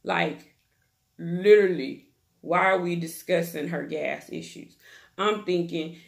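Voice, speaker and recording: Woman vlogger for a TV recap, gossipy and slangy, unhurried delivery with a gravelly fry. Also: fairly low pitch. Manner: chatty, gossipy, slangy storytelling. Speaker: YouTube TV recap host. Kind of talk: casual reality-TV recap chat.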